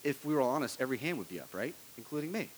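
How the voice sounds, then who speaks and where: A man's voice: mid-range voice, big pitch swings, very fast, in a large hall, slight background noise. A man preaching a sermon as a pastor in a conversational style, often asking his listeners "right?".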